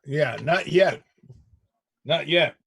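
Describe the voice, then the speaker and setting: A man hosting a casual talk show, riffing in an animated way with frequent restarts. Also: a little high, slow pace, vocal fry, breathy edge, no room sound, studio quality. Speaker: show host. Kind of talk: casual chat.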